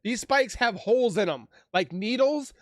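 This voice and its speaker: A man hosting a reaction video, chatting casually and blurting quick reactions to what he watches. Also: very high voice, animated, no room sound, clean studio sound. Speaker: reaction channel host.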